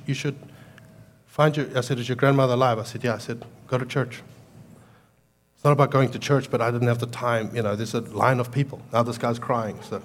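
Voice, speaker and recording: A man preaching a sermon, swinging from loud, emphatic lines to quiet storytelling, with an accent that sounds foreign to American ears. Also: mid-range voice. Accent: foreign to American listeners. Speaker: pastor.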